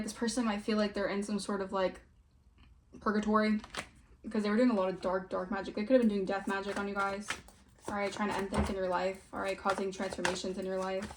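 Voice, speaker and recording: A woman's voice: mid-range voice, a little hiss or hum. A young woman giving a casual tarot reading, chatty and emphatic, often saying "all right". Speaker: tarot reader.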